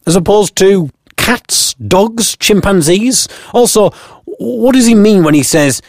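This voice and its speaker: A man's voice: sits high, big pitch swings, a little slow, no echo, studio quality. A British man telling a comic first-person story from his blog, full of wry, self-mocking asides. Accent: British English. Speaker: blogger narrating his own story.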